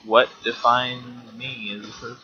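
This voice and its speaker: A man's voice: mid-range voice, flat delivery, moderate pace, bright, forceful tone, faint music behind. A teenage boy co-hosting a casual podcast, rambling and hesitant with lots of fillers. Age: teens. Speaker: podcast co-host. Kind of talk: casual chat. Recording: dull lo-fi recording with faint hiss.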